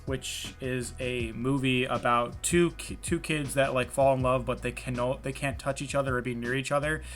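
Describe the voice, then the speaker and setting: A man's voice: medium pitch, moderate pace, faint music behind. A young man co-hosting a podcast, chatting casually and animatedly, rambling and swearing often. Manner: animated, swears a lot, rambling with many fillers. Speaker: podcast co-host. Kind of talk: casual chat. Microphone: remote call mic.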